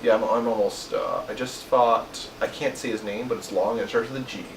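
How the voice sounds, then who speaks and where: A man's voice: fairly low pitch, steady tone, brisk, far from the mic. A man in his twenties co-hosting a podcast in casual chat, rambling and joking with teasing jabs. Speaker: podcast co-host. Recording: echoey room, off-mic, faint hiss.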